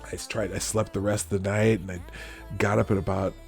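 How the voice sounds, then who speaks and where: A man hosting a live show, telling a rambling story in a casual, animated way with lots of restarts. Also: lowish voice, fairly quick, gravelly, faint music behind. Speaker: show host.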